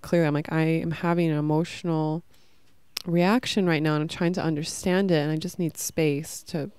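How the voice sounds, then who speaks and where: A woman's voice: low voice, fairly even intonation, normal speed, darkish tone, smooth, dry recording. A woman hosting a podcast, telling an emotional personal story in a rambling way with many fillers. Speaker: podcast host.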